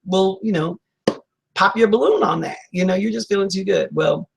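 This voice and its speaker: A man's voice: high-pitched, normal speed, vocal fry, a little hiss or hum, low-quality recording. A man, a talk radio host, giving a chatty motivational self-help talk with lots of fillers and acted-out reactions. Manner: chatty, acts out quoted reactions, many fillers.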